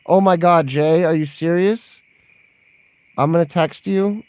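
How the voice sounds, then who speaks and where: A man's voice: fairly high pitch, unhurried, a little mellow, clear, resonant tone, dry recording. A man in a casual livestream Q&A, rambling and chatty, laughing often and reacting to live chat messages. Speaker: vlogger answering viewer questions.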